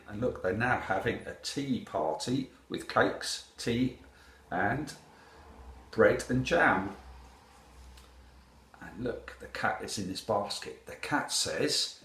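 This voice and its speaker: A man reading a picture book aloud to children, animated and asking the listener questions. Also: lowish voice, slow, roomy sound. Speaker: storyteller.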